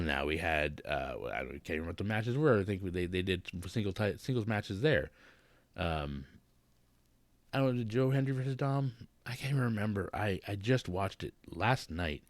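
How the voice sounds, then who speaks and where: A man with a low, deep voice rants casually about the week in wrestling, blunt and profane, rambling from one gripe to the next. The sound is dry and close-miked, with no room echo. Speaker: wrestling vlogger. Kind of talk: casual wrestling recap rant.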